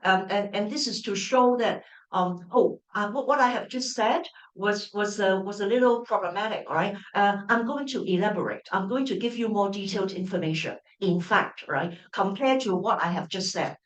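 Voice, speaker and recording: A woman lectures in a roomy, echoing space, her voice picked up from a distance. She stumbles through restarts and fillers and checks in with listeners as she goes. Her pitch sits in a middling range. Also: moderate pace. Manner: hesitant, with many restarts and fillers, checking in with "all right?". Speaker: university lecturer. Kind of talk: academic lecture at an open day. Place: lecture room. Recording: echoey room, voice from a distance.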